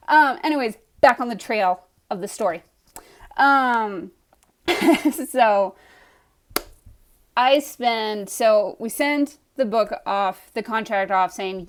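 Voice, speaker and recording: Animated young woman, slightly high voice. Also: slow pace. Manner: animated, acts out her own reactions with lots of "I was like". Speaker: aspiring author telling her story. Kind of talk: casual storytelling to camera.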